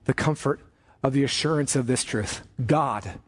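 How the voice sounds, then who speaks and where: A man preaching a sermon as pastor, emphatic, slowing down and rising on key commands. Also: medium pitch, steady tone.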